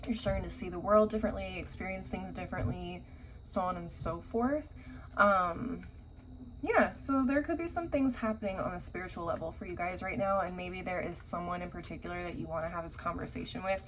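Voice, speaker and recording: A woman's voice: on the low side, a little fast. A woman giving a casual tarot reading, blunt and feisty, swearing freely. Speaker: tarot reader. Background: faint construction noise.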